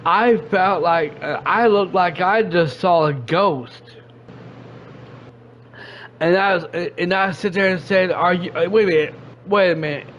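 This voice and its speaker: A man hosting a casual podcast, rambling and halting with many restarts. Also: sits high, a bit bright, slight background noise. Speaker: podcast host and streamer. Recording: muffled lo-fi stream audio.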